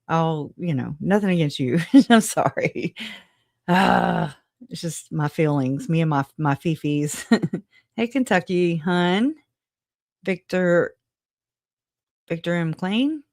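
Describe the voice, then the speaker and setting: A chatty, low-voiced woman hosts a casual livestream, greeting her viewers one at a time. She speaks slowly and frankly, laughing often with a touch of exasperation, and the sound is dry with no room echo.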